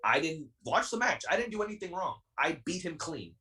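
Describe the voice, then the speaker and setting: A man's voice: fairly high pitch, very animated, fairly quick, pushed and bright, far from the mic, rough recording. A man of twenty, a wrestler speaking as a guest on a podcast, talking intensely and defiantly and repeating himself to make his point. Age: 20s. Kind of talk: heated podcast interview.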